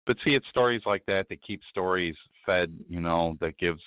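A very low-pitched man co-hosting a chat show, speaking easily and loosely. The sound is dry and a little dull, close and unadorned. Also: moderate pace, clean tone, no echo. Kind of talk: casual chat.

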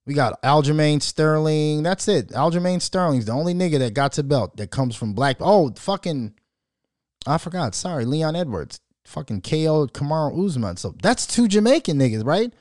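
A man hosting a podcast, ranting loudly and profanely in casual commentary, mocking and joking as he goes. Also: on the high side, normal speed, no room sound, studio quality. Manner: profane, loud, mocking, animated. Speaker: podcast host.

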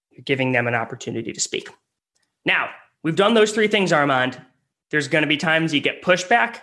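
A man co-hosting a sales advice podcast, lively and acting out customer and rep lines. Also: a little high, normal speed. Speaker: co-host.

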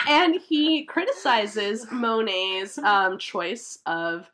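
Woman host yakking about art history, kinda high voice, lively, laughs as she goes. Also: slow pace, hardly any pauses, a little hiss or hum. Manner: chatty, animated, laughs while telling. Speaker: podcast host. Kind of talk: casual storytelling chat.

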